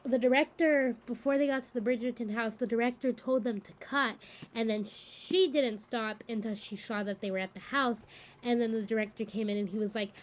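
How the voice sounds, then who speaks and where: A woman's voice: on the high side, steady tone, fairly quick, dull audio. A woman hosting a book-reading channel, chatting casually to camera in a rambling, enthusiastic way with lots of fillers.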